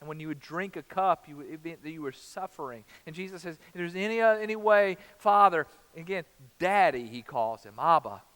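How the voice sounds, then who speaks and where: A man's voice: a little high, animated, a little fast, hardly any pauses, fairly bright tone. Conversational preacher man in a reverberant hall. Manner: conversational preaching, dramatizes quotes with rising emphasis. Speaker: pastor. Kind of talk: sermon.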